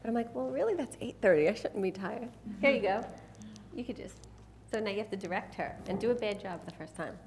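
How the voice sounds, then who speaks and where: A woman's voice: medium pitch, lively intonation, fairly quick, darkish tone, a little hiss or hum. A woman presenting a live workshop, teasing and directing volunteers in front of an audience. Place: event room with an audience.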